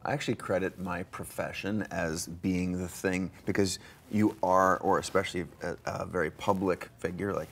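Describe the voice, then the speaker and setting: A man's voice: deep voice, steady tone, normal speed, vocal fry, a bit bright. Chatty, enthusiastic male host. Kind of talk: live interview.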